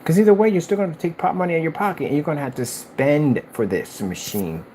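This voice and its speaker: A man hosting a gaming video, ranting in exasperated, animated commentary and mocking imagined replies. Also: on the high side, fast talker, slight background noise. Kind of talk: ranting commentary over clips.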